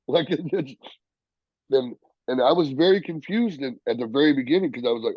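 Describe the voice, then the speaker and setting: A man, a professional wrestler, telling stories in a casual interview, profane and animated, acting out the people he quotes. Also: mid-range voice, moderate pace, long pauses, dry recording, dull audio.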